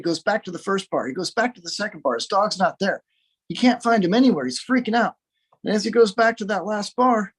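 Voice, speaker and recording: A man casually telling long bar jokes on a podcast, rambling and laughing at his own punchlines. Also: high-pitched.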